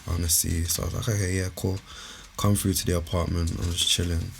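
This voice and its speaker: A young man on a podcast, telling a long story in a laid-back way, full of slang. His voice sits a little low. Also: little pitch movement, a little fast, gravelly, a little hiss or hum. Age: young adult. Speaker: podcast co-host. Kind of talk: casual storytelling chat.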